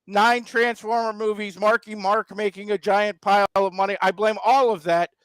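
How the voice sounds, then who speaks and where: A man's voice: high-pitched, steady tone, moderate pace, a bit bright, clear, resonant tone, no echo, low-quality recording. A man from the American South, a regular on a sports talk show, ranting with mocking, exasperated wisecracks. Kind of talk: sarcastic sports talk rant.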